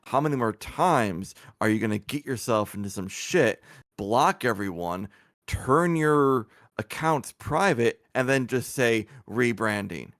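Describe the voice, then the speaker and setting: A man's voice: mid-range voice, lively intonation, measured pace, fairly bright tone, no room sound, clean studio sound. A man on a livestream scolding someone with rhetorical questions. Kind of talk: livestream commentary.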